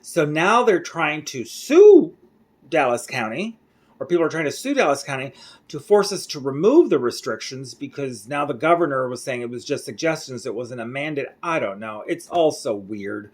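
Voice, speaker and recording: A man's voice: mid-range voice, animated, normal speed. Chatty, rambling man in a video diary. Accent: American English. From Mexico. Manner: rambling, chatty, self-correcting. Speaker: vlogger. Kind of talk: casual daily video diary.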